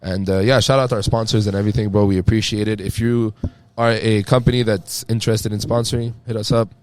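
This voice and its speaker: A man hosting a podcast, chatting casually, swearing a lot and saying "bro" constantly while telling animated stories. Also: lowish voice, fast, slight background noise. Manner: profane, says "bro" constantly, animated storytelling. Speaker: podcast host. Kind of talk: casual chat.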